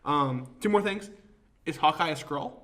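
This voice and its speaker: A young man in a fairly high voice co-hosts a podcast in easy, chatty fashion. He fires off quick questions and jokes as he talks. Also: animated, fairly bright tone. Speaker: podcast co-host. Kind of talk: casual chat.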